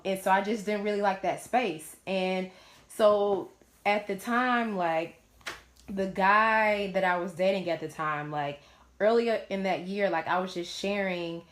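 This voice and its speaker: Candid woman in an echoey room. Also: on the low side. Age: late 20s. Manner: candid, talks openly and swears freely. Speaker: host of a live Q&A stream. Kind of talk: casual personal testimony. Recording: roomy echo.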